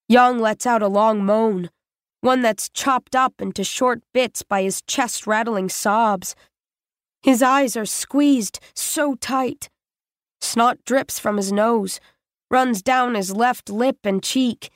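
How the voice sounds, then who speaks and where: Slow, high-voiced woman narrator. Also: no room sound, studio quality. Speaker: audiobook narrator. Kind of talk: first-person scripted story narration.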